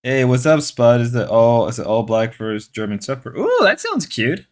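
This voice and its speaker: A man's voice: medium pitch, huge pitch swings, moderate pace. A man streaming live, chatting casually with viewers in a sarcastic, rambling way, repeating and restarting his phrases. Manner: sarcastic, mock-macho joking. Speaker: live streamer reading chat.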